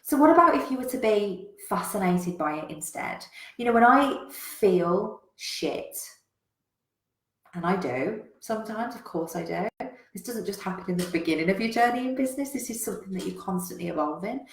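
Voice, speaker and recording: A woman business coach, giving a frank, animated motivational talk to a live chat and swearing freely. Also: mid-range voice, normal speed. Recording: roomy echo.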